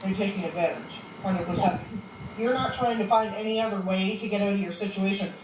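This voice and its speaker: A woman lectures in a scolding tone, set back from the mic in an echoey room. Clear noise runs under her voice. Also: medium pitch, fairly quick. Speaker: critic in a played video. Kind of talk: lecturing commentary video. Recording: roomy, distant, noisy playback.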